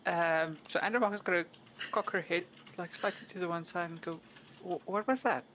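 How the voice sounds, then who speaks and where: A woman's voice: on the low side, fairly even intonation, brisk, a bit bright, a little hiss or hum. A woman player in a tabletop game, describing her character's actions in a chatty way. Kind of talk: casual game talk.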